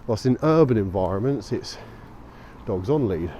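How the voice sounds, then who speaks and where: A man's voice: lowish voice, expressive, moderate pace. A man rambling casually to an action camera while walking his dog outdoors, stopping to call out commands. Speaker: dog walker vlogger. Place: outdoors on streets and fields at dusk. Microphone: action camera mic. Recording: outdoor action camera with clear traffic noise. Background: traffic and street noise.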